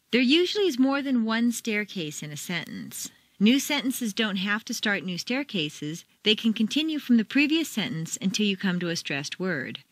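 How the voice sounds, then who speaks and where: American woman, accent-training narrator, very animated intonation, dry close-miked studio read. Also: mid-range voice, dry recording. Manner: exaggerated intonation for demonstration. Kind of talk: scripted instructional reading.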